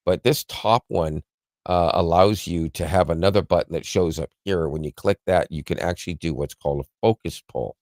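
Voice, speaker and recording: Casting: very low-voiced male tech podcaster, loose and rambling, dry close mic. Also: darkish tone, dry recording. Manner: rambling, self-correcting, chuckles often. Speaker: podcast co-host explaining tech. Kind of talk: casual tech podcast chat.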